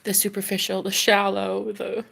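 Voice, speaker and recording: A woman's voice: mid-range voice, completely flat delivery, moderate pace, gravelly, a bit bright, slightly rough. A woman with a Welsh accent, a love coach talking openly in a rambling confessional monologue, full of restarts and laughs. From Wales.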